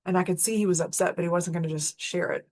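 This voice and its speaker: A woman hosts a spiritual talk, speaking in an earnest and candid conversational way. Her voice sits on the low side. The recording is dry and close, with no room sound. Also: fairly even intonation, fast, a little mellow, no echo. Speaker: host. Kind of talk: personal storytelling and spiritual teaching.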